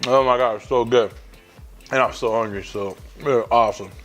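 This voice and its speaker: A chatty, enthusiastic man hosts a casual cooking vlog at a medium pitch. He walks the viewer through each step in an easygoing way, with faint music playing underneath. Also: fairly even intonation, moderate pace, a bit bright. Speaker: cooking channel host.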